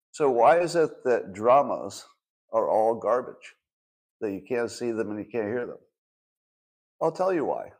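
A man in his sixties hosts a solo commentary show in a loose, conversational way. He speaks at a middling pitch and leans on sarcasm, firing off rhetorical questions and answering them himself. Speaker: host.

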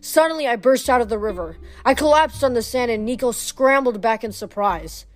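A woman's voice: on the high side, lively intonation, moderate pace, no room sound. Woman reading a novel aloud. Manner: plain reading with small slips and restarts. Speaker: reader.

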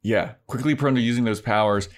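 A man's voice: mid-range voice, fairly quick. A young man co-hosting a podcast, casually recapping an episode and acting out the characters' lines. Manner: animated retelling, acts out characters' lines. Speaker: podcast co-host.

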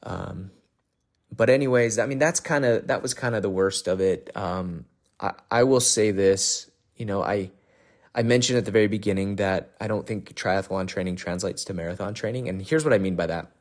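Low-voiced man, candid podcast ramble. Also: normal speed. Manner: rambling, candid, many fillers and restarts. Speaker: podcast host. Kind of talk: casual monologue recapping a race.

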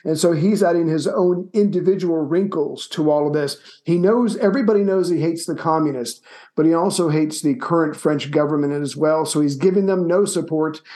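A man talking through history in a loose, animated way, with a slightly higher voice than most men. He tells stories and swears casually, like a friend explaining something over a drink. His talk is relaxed and conversational. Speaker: co-host. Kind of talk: casual history podcast chat.

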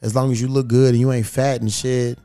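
A man's voice: medium pitch, level tone, fairly quick, mellow, no echo. A man hosting a podcast in casual chat, talking bluntly and profanely. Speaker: podcast host.

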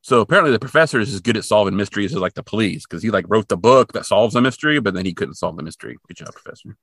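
A man casually recapping a cartoon episode for a podcast, joking and acting out the characters in squeaky voices. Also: racing, slightly rough, no room sound, clean studio sound. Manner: animated, jokey, acts out characters in high squeaky voices. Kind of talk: casual chat.

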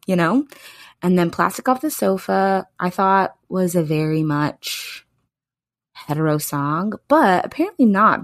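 A woman's voice: on the low side, vocal fry, no room sound. A young adult woman hosting a podcast, chatting casually and effusively. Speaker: podcast host.

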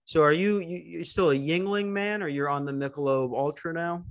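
A man hosting a comedy podcast, rambling in crude casual banter with halting restarts and a deadpan delivery. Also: on the high side. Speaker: podcast host and stand-up comic.

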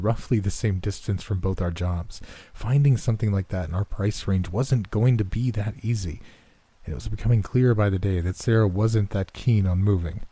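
Man, horror story narrator, dark mellow tone, dry close sound, measured delivery. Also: lowish voice, dry recording.

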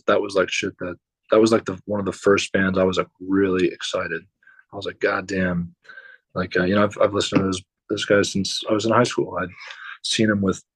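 A musician telling stories about touring with other bands in a loose, rambling way, with lots of fillers and swearing. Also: male voice, sits low, no echo, poor audio. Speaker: musician guest. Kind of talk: casual storytelling.

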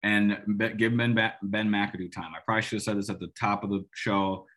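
A man with a low, husky voice breaks down football in a loose, rambling monologue. He is emphatic and opinionated, often restarting sentences and tossing in sarcastic asides. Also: flat delivery, brisk, a bit bright. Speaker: sports podcast host. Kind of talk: casual solo football analysis.

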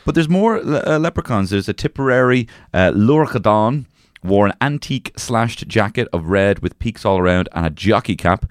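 Sweary Irish man, low dry voice. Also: expressive, normal speed, no room sound. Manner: sweary, jokey, reads passages aloud. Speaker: podcast co-host. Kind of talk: casual chat.

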